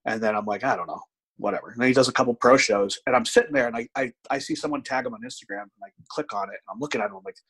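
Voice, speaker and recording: Husky, animated storytelling man. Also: medium pitch, very fast, hardly any pauses, poor audio. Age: 30s. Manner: animated storyteller, frequent profanity, acts out quotes. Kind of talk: casual storytelling chat.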